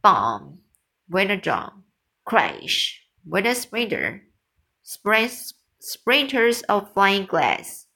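A woman reading a children's novel aloud, slow and halting, often stumbling and restarting words. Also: mid-range voice, very animated, bright, forceful tone, low-quality recording. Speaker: reader.

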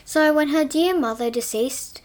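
A young woman tells her own reimagined fairy tale in a playful, chatty way. Her voice sits a little high, and she often trips over a word and corrects herself before carrying on. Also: a little slow. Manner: playful, with frequent self-corrections. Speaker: storyteller. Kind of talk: reading a self-written story aloud.

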